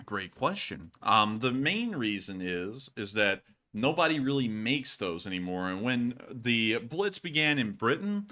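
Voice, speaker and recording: Man, stream host, bright tense voice, casual Q&A, jokey, sleepy. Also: mid-range voice, big pitch swings, a little slow, few pauses. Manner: chatty and joking, laughs often. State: sleepy, yawning. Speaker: war news stream host.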